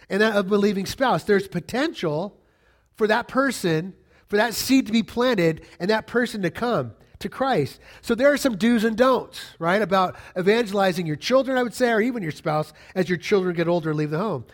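With a high voice, a middle-aged pastor preaches a sermon in a conversational, emphatic style. He repeats key phrases and jokes casually with the congregation.

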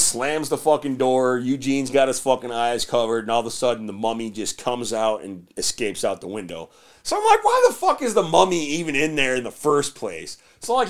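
Crude rambling male movie podcaster. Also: medium pitch. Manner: crude, rambling, acts out scenes in silly voices. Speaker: podcast host. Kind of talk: casual movie recap with profanity.

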